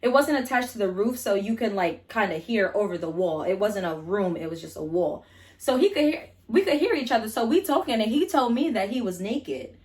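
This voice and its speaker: Young woman, casual storytime vlog, blunt, swears a lot, chatty fillers, mid-pitched voice. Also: sing-song, brisk, a little mellow. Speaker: vlogger.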